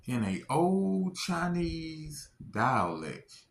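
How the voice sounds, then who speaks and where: A man voicing a surprised female doctor, asking slow, astonished questions in a raised pitch. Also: very animated, heavily acted. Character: surprised female doctor, middle-aged woman.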